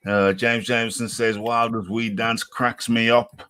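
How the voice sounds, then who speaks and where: A man's voice: medium pitch, little pitch movement, measured pace, fairly bright tone, smooth. A man hosting a live show in a casual, teasing way, who repeats himself for emphasis and talks about himself in the third person. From United Kingdom. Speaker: host.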